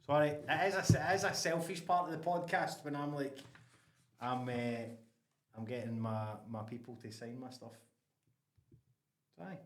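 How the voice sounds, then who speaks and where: Scottish ayrshire guy hosting a chat, lively and laughy, echoey room. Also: medium pitch, moderate pace, long pauses. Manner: animated, laughs often, restarts, Scots words like aye and wee. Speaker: podcast host. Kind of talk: casual chat.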